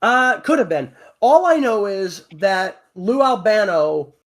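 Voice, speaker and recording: Livestream host, man with a high voice, chatty and full of fillers. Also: expressive, takes it slowly, a bit bright. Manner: chatty, explains at length with many fillers. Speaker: voice actor and stream cast member. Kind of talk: casual livestream chat.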